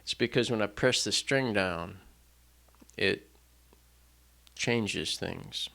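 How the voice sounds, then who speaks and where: A man, a singer-songwriter at a stand mic in front of him in a small home stage setup, speaks slowly between songs in a fairly low voice that is bright and forceful, with vocal fry. His casual patter rambles, puts himself down, and is full of fillers and restarts.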